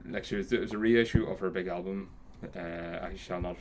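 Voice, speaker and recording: A man hosting a podcast in casual chat, talking quickly and animatedly, with frequent swearing. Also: low-pitched, slight background noise. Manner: fast, animated, swears often. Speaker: podcast host.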